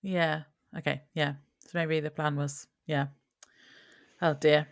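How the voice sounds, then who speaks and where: Low-voiced woman thinking aloud, dry mic. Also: flat delivery, takes it slowly, no echo. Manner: hesitant, thinks aloud with fillers and restarts, laughs along. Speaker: podcast co-host. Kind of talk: casual recap chat.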